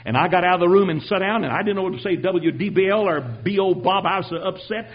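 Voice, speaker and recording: An older man preaching his own testimony, telling it dramatically and swinging from hushed tones to shouting. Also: high-pitched, fast, dull audio. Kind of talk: sermon testimony.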